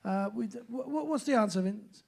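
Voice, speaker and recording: A man hosting a pub live music night, rambling and chatty between loud announcements. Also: high-pitched, a little fast, vocal fry. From southern England.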